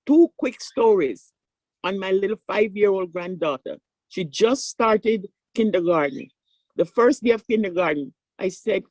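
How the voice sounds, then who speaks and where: Older woman, surgeon, conference panel talk, animated storyteller, dry close sound. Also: mid-range voice, unhurried, no room sound, poor audio. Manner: animated storytelling, acting out voices in quotes.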